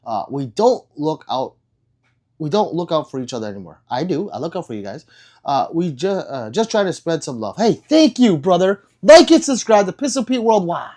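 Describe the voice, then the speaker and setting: Young guy hosting a stream, bouncy pitch, jokey, reads chat aloud and rambles. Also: sing-song, normal speed, darkish tone. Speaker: livestream host reading chat. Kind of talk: casual live stream chat.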